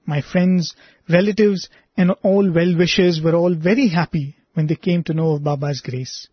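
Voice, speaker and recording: Husky high-voiced man reading earnestly. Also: steady tone, dry recording. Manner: earnest, measured reading with small restarts. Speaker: devotional radio presenter. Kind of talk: reading a testimony aloud, then reflective commentary. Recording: dry, slightly dull lo-fi recording.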